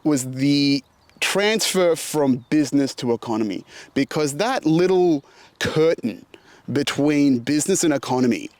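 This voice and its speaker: A man's voice: on the high side, expressive, unhurried, a little mellow, no room sound. A man in his thirties casually telling a personal story, swearing now and then and acting out dialogue. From Australia.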